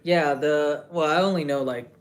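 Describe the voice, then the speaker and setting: A man co-hosting a casual livestream chat, quiet and laid back, mostly giving short replies. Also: a little high, normal speed, slight background noise. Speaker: livestream co-host.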